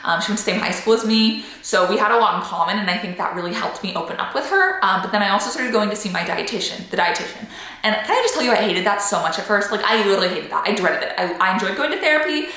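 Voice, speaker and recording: Chatty young woman, bright echoey voice. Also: mid-range voice, animated, quick pace. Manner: candid and chatty, many "like" fillers. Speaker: vlogger. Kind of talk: personal storytelling to camera.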